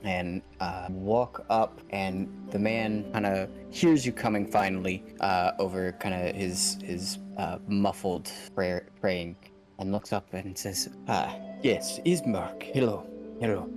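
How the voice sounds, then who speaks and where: A low-voiced man running a tabletop game, narrating in a loose, rambling way full of "kind of" and "you know." Music plays steadily behind him throughout. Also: steady tone, takes it slowly. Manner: rambling, filler-heavy narration. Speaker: game master.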